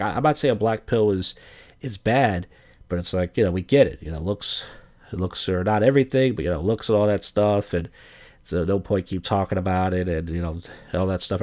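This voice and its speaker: A man's voice: lowish voice, a little mellow. A man in his thirties hosting a podcast alone, rambling crudely and profanely with lots of fillers. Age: 30s. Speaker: podcast host. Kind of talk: casual rambling monologue.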